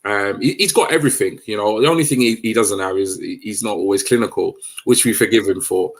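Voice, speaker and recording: A man's voice: lowish voice, quick pace, breathy edge. A man co-hosting a casual football chat, thoughtful and a bit hesitant as he gives his views. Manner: thoughtful, hesitant, many fillers and restarts. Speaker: co-host.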